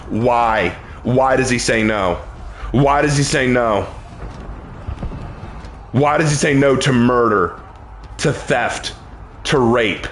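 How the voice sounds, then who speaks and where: A man's voice: mid-range voice, expressive, unhurried, long pauses, echoey room, slight background noise. A man preaching emphatically and repetitively while playing a video game. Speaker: gamer streaming gameplay. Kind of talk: casual preaching while gaming.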